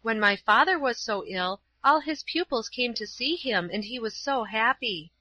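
A woman's voice: on the high side, lively intonation, normal speed, pushed and bright, dry recording, voice pushed up. A woman reading aloud voices a pious, kind-hearted schoolgirl in a raised, eager, pleading tone. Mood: earnest, pleading. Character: earnest pious schoolgirl, timid but kind. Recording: slightly dull, dry.

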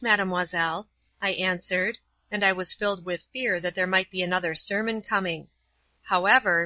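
A woman reads a storybook aloud, calm and measured, her voice bright and clear. The recording is dry and slightly dull, with no room sound. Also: mid-range voice, no echo. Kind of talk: storybook narration.

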